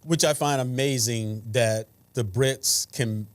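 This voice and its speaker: A man's voice: medium pitch, slow. A man co-hosting a podcast, chatting casually and mostly chiming in with short, agreeing replies. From United States. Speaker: podcast co-host. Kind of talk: casual chat.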